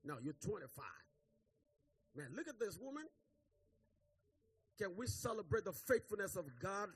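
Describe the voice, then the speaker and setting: A man's voice: sits high, animated, moderate pace, a little hiss or hum. A male pastor giving church announcements and leading a birthday celebration, full of "hello" and "glory to God".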